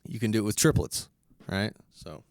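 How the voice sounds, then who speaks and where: A man's voice: fairly low pitch, lively intonation, normal speed, very noisy. A man giving a casual music lesson, explaining step by step and counting beats aloud. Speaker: music teacher.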